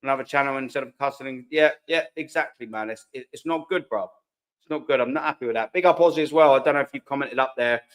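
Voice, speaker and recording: A man's voice: medium pitch, fast, fairly bright tone. A man hosting a live fan chat, reading out viewer comments in a heated, swearing, repetitive way. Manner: heated, swearing, repeats himself, slangy. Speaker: host of a live fan channel.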